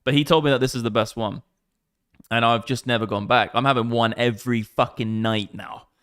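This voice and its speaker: A man in his thirties with an English accent, rambling excitedly and swearing often on a casual livestream. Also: medium pitch, a little fast, smooth, no echo, clean studio sound. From England. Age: 30s. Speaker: crypto streamer.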